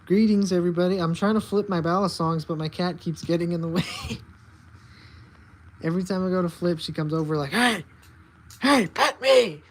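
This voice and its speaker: A woman's voice: fairly low pitch, fairly even intonation, a little fast, a little mellow. A woman chatting casually to her cat in baby talk, cooing and meowing at it, in a vlog. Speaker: vlogger.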